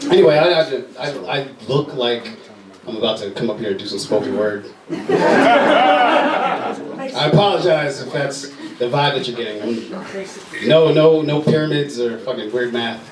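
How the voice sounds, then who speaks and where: A young man doing a loose, rambling stand-up set with a lot of swearing and filler words. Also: medium pitch. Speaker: stand-up comedian. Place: comedy club stage. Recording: echoey room from far off, crowd laughter. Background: audience laughing.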